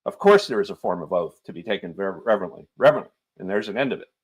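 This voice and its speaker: A man's voice: low voice, animated, fast, slightly rough, exaggerated voice. A man voicing a pompous middle-aged male police magistrate who blusters, turns irritable and talks down to the accused.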